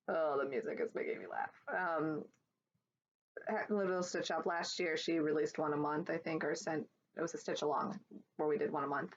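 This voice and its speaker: A woman's voice: low-pitched, unhurried, long pauses, husky. A woman vlogger chatting casually at home about her stitching projects, rambling with fillers and restarts. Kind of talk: casual show-and-tell chat. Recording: dull lo-fi sound with faint background noise.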